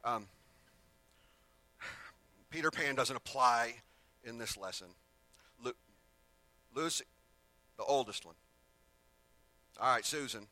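A man's voice: mid-range voice, slow pace, long pauses, pushed and bright, no room sound. A male preacher giving a sermon in a casual way, with rambling asides and self-corrections.

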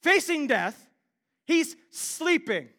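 Young guy from ohio preaching, super high pitched, lively funny stories. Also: takes it slowly. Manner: animated storytelling, self-deprecating humor. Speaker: pastor. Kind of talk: sermon.

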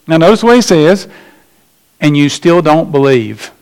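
A man preaching a sermon as pastor, emphatic, slowing down and rising in pitch to stress his points. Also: sing-song, darkish tone, clean tone.

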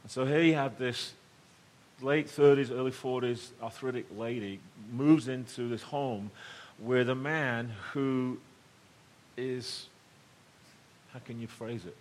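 A man's voice: medium pitch, steady tone, slow. Conversational middle-aged male preacher. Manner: conversational, swings between loud emphasis and hushed tones. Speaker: pastor. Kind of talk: storytelling sermon.

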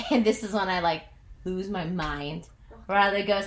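A woman pastor telling a personal story during a sermon, animated and self-mocking, with lots of "like". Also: mid-range voice, normal speed. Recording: echoey room.

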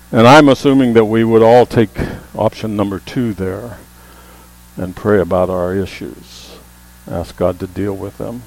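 A man preaching a sermon as a pastor, with emphatic calls that rise to the congregation and a low hum under the voice. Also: darkish tone, rough recording. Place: church sanctuary.

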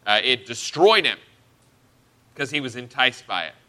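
A man's voice: medium pitch, big pitch swings, moderate pace, sharp tone. A man preaching a sermon, teaching through a Bible passage verse by verse with earnest emphasis.

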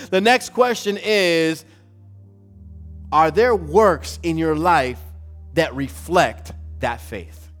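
Preaching pastor, a man with a higher voice. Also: expressive, measured pace, faint music behind. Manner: preaching, rising to loud emphatic bursts, repeating phrases. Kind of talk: sermon.

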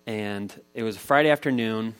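A man's voice: fairly low pitch, moderate pace, a bit bright, smooth. A man in his thirties preaching a sermon, telling a family story in a casual, conversational way. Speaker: pastor.

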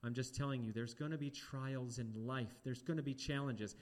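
A man preaching a sermon, animated and talking straight to the congregation with questions. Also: mid-range voice, moderate pace.

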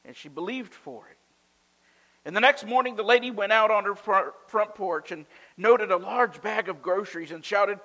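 A man preaching a sermon as pastor, telling a story with lively, loudly acted quotes. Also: high voice, normal speed, long reverb tail, rough recording.

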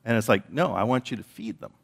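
A man's voice: fairly low pitch, fast, vocal fry, slightly rough. A man preaching a sermon, telling stories with frequent repeated words and restarts. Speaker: pastor.

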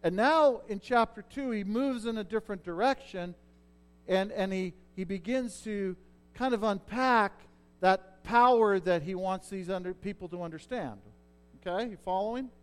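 A man's voice: sits high, normal speed, clean tone. A middle-aged male pastor giving a sermon in a conversational way, checking in with his listeners as he explains a passage.

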